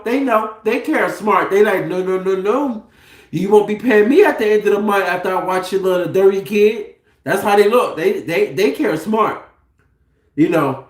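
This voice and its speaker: A man in his thirties hosting a casual livestream, animated, joking and profane. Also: sits high, roomy sound. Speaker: livestream host.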